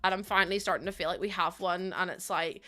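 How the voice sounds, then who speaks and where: A woman's voice: lowish voice, quick pace, pushed and bright. A young woman streaming a game from home, chatting casually with viewers, laughing often and thanking them one by one. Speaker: live streamer. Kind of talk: casual chat with viewers while gaming. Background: faint background music.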